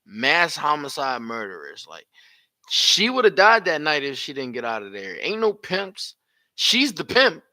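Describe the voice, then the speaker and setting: A man reacts to a video with blunt, profane commentary. His voice is bright and lively, swinging widely in pitch, and the sound is close and dry. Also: normal speed, no room sound. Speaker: live reaction streamer.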